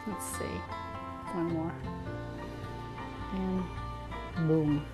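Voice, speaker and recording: A woman's voice: fairly low pitch, fairly even intonation, drawn-out words, over loud music. A middle-aged woman hosting a casual cooking demonstration in a kitchen, chatty and enthusiastic, thinking aloud as she works. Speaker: cooking show host.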